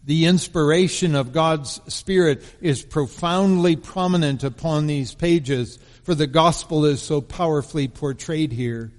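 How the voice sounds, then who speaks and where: A man preaching a sermon as pastor of his congregation, telling a story in a measured way and slowing down for emphasis. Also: fairly high pitch. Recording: long reverb of a large hall.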